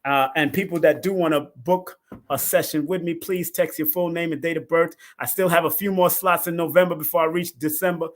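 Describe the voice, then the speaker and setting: A middle-aged man with a slightly high voice hosts a casual live numerology show. He talks in animated bursts, often laughing, and swings between loud exclamations and quiet asides. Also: fairly quick. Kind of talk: casual live-stream talk.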